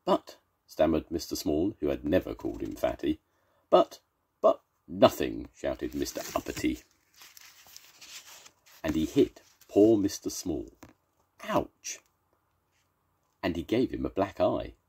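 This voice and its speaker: Deep, lively older grandad reading aloud. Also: male voice, normal speed, gravelly, husky. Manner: playful, animated storyteller. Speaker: storytelling grandfather. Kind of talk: reading a children's story aloud.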